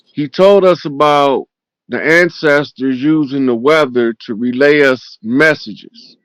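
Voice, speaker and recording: A man speaks as a guest on a livestream, with a dry, close sound. He explains his ideas in a steady, lecturing way. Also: mid-range voice, takes it slowly, dry recording, rough recording. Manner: instructive, lecturing on spiritual lore. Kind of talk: casual livestream chat.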